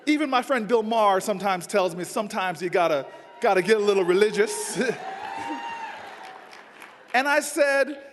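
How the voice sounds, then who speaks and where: A man giving a humorous dinner speech, telling an animated story and often shouting. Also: sits high. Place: large dinner hall. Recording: long hall reverb, faint noise.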